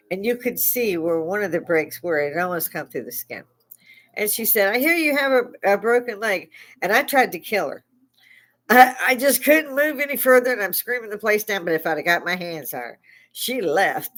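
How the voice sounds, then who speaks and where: A woman's voice: lowish voice, fairly bright tone. A middle-aged woman telling a story live at a bar, blunt and profane, laughing often.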